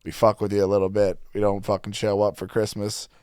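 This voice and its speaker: Low-voiced, profane podcast host man. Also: completely flat delivery, a little fast, darkish tone, clear, resonant tone, dry recording, studio quality. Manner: profane, boastful joking. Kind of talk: casual podcast banter. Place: podcast studio.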